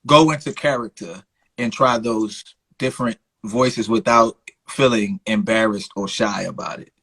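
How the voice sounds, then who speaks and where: A man's voice: fairly low pitch, fairly even intonation, unhurried, fairly bright tone, husky, low-quality recording. A man hosting a casual podcast chat, upbeat and asking guests questions. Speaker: host.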